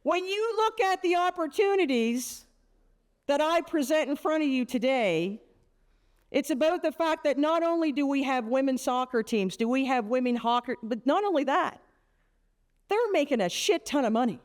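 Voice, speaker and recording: A high-pitched woman around fifty, speaking as a motivational keynote to a room of teenage girls. She is brash and joking and tells punchy stories, with plenty of energy behind every line. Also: animated, moderate pace.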